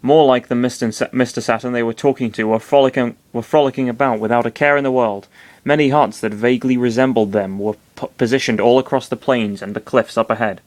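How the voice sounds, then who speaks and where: A man's voice: mid-range voice, steady tone, fast, a little mellow, no room sound. A young man reading a fan fiction aloud, casual and breaking off to swear and apologize. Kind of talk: comedic dramatic reading.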